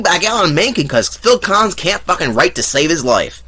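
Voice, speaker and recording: A man's voice: a little high, big pitch swings, moderate pace, bright, forceful tone, husky. A man giving a blunt, profane movie review monologue, ranking things and mocking what he hates. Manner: blunt, profane and mocking, with fake sung bits.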